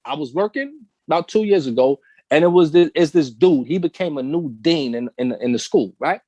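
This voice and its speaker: Man, emphatic casual talk, swooping lively pitch, dry close sound. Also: fairly quick, dry recording, highs cut off. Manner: animated, emphatic storytelling with rhetorical questions; slangy, blunt and impassioned. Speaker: podcast co-host. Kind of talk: casual discussion.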